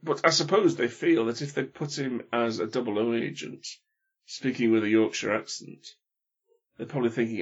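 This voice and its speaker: A man's voice: mid-range voice, steady tone, moderate pace, breathy edge. A man chatting casually about films, opinionated, often stopping and restarting his sentences. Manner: hesitant, many restarts, opinionated. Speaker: film podcast panelist. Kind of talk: casual chat. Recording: dull lo-fi sound.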